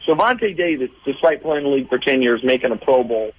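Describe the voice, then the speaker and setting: A man's voice: medium pitch, quick pace, few pauses, slightly rough, highs cut off. A man hosting a casual sports radio talk show, arguing and telling stories. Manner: argumentative, storytelling. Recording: radio studio mic.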